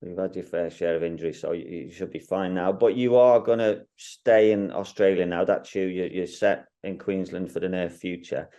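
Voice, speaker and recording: Mellow, friendly racing presenter. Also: male voice, low voice, normal speed, hardly any pauses. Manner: friendly, teasing, chatty. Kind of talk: interview, casual chat.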